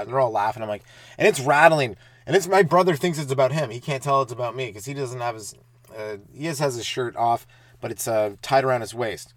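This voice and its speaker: Guy in his 30s doing a rambling comedy bit, jumps loud and high when he acts stuff out, dry close sound. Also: brisk, dry recording. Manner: animated, acts out kids' taunts with sudden loud high bursts. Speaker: stand-up comedian podcast host. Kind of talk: comic storytelling monologue.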